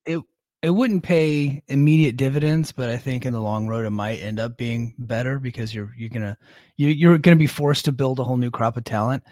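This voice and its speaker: A man's voice: mid-range voice, brisk, darkish tone, dry recording, clean studio sound. A man co-hosting a podcast, chatting casually about wrestling with a rambling manner and frequent laughs. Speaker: podcast co-host.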